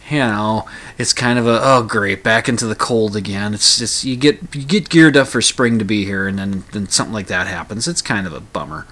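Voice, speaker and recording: A man's voice: on the low side, bright, forceful tone. A middle-aged man rambling through a casual personal monologue, full of fillers, restarts and dry humor.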